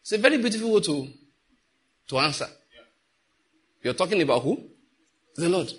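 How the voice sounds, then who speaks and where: A man's voice: fairly high pitch, sing-song, moderate pace, a bit bright. A middle-aged man preaching a sermon, talking to his congregation with frequent rhetorical questions. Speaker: pastor.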